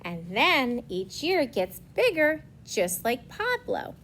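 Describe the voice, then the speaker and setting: Slow, expressive woman reading to kids. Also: a little high, slight background noise. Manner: slow, explanatory, expressive storytelling. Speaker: preschool teacher. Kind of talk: reading a picture book aloud to children.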